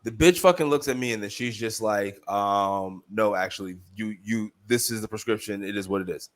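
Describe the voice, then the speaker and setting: A man co-hosting a podcast, telling a story in casual chat, profane and heated, animated as he goes. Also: on the low side, normal speed. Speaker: podcast co-host.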